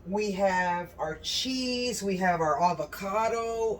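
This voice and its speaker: A woman hosts a cooking video from her home kitchen, bubbling over with excitement as she chats straight to her viewers. Her voice sits at an ordinary middle pitch and is picked up from a few steps away from the mic. A faint hum of background noise runs underneath. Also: slow pace, recorded from a distance, low-quality recording. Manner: gushing and exclamatory, talks straight to viewers. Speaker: cooking channel host. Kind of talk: casual cooking demonstration.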